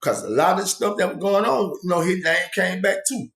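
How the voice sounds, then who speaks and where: Man telling his own story in loose slang with lots of asides; a bit high-pitched, roomy sound. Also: animated, brisk, fairly bright tone. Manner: rambling, slang-heavy, many asides. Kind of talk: casual spoken storytelling. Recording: echoey room.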